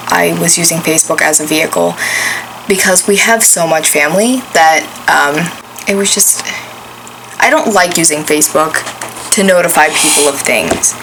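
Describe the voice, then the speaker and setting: A young adult woman telling a personal family story in a halting way, with many fillers, her voice rising and breaking at emotional moments. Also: fairly low pitch, vocal fry. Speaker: storyteller recounting a family loss. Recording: noticeable background noise.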